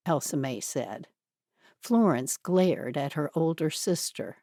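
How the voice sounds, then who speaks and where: A woman's voice: low voice, expressive, slow pace, dark tone, no room sound, studio quality. A woman narrating a mystery audiobook in a scripted storytelling style.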